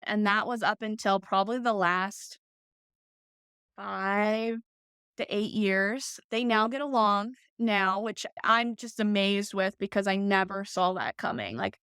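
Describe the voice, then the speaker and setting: A woman's voice: medium pitch, a little slow, fairly bright tone, smooth, no echo, clean studio sound. A woman in her twenties, a podcast guest, telling her own story openly and casually with frequent "like" fillers. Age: 20s. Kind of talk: personal storytelling in interview.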